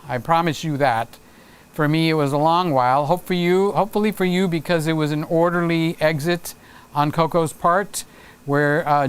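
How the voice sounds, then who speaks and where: A man's voice: fairly high pitch, a bit bright, clean tone. A middle-aged man hosting a casual live stream, chatting folksily and reading viewer comments aloud. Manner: chatty and folksy, with frequent restarts and laughs. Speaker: livestream host.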